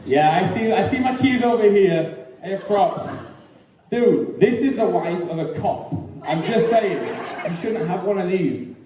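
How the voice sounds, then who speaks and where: A man's voice: high voice, measured pace, warm tone, a little hiss or hum. Nervous joking best man in echoey hall. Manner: joking, nervous, laughs often. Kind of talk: wedding speech. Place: wedding venue hall. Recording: echoey hall from far off, music behind.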